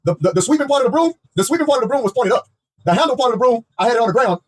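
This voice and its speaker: A man telling a comedic personal story in an animated, profane way, repeating himself often. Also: extremely high pitch, very fast, slight background noise. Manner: animated, profane, heavily repetitive.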